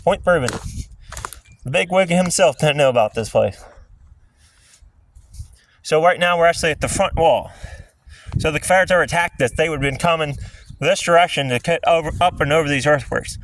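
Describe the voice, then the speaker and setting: A man's voice: on the high side, brisk, long pauses, fairly bright tone. A man from central Pennsylvania giving a casual, joking walking-tour vlog outdoors on a hill. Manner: chatty, joking, loosely rambling. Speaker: history vlogger. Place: outdoors on a hilltop park.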